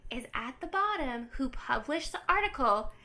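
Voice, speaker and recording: A woman's voice: high-pitched, expressive, moderate pace, pushed and bright. A woman hosting a book podcast, recapping the plot in a chatty, casual way with lots of filler words.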